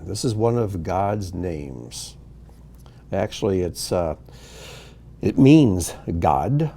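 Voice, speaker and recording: Slow, patient man teaching a language lesson. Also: deep voice, big pitch swings, creaky, warm tone. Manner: patient, explanatory, with fillers and self-corrections. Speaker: Hebrew teacher.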